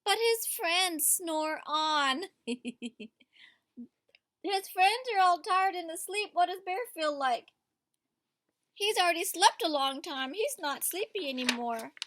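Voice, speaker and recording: A woman's voice: very high voice, expressive, unhurried, noisy background. A woman teacher reads a picture book aloud to children. She reads with expression and stops to ask the children questions.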